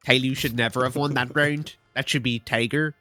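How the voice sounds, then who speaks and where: A man's voice: mid-range voice, normal speed. Joking male esports caster. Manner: joking, animated, rising excitement on big plays. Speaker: esports commentator. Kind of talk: play-by-play commentary.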